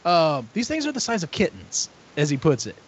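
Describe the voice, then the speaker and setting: Give me an animated, high-pitched man retelling a book. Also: a little fast, breathy edge. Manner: animated retelling, acts out characters, swears freely. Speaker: podcast co-host. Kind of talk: casual book recap chat. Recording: dull lo-fi audio.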